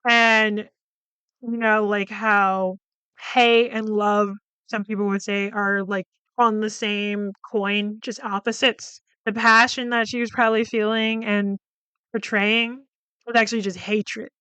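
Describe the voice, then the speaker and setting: Smooth-voiced woman recapping a film. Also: mid-range voice, flat delivery, slow pace, sharp tone, no room sound. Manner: chatty, loose, with many fillers and some swearing. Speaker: podcast host reviewing a film.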